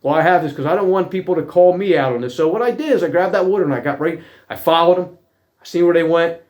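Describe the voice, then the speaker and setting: A man's voice: a little high, fast, darkish tone, highs cut off. A middle-aged man telling personal stories in a heated, profane rant, swearing constantly in blunt working-class talk.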